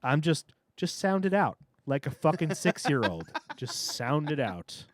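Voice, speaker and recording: A man's voice: on the high side, very animated, a little slow. A man co-hosting a podcast, ranting sarcastically and swearing freely. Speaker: podcast co-host. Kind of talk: casual chat.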